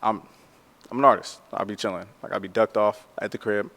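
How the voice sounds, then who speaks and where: A man who works as a tattoo artist, telling a story in a casual, animated way, full of slang and "like". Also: lowish voice, fairly quick, creaky, in a large hall.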